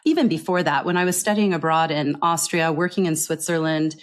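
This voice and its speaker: Her voice low-pitched, a woman gives a podcast interview about being a pronunciation coach, describing her work in an earnest way and often checking in with a short "right?"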